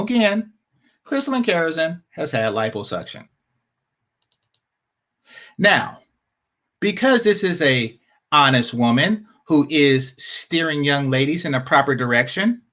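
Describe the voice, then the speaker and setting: A man's voice: on the high side, sharp tone. A man hosting a commentary channel, talking casually and sarcastically, repeating his points for emphasis.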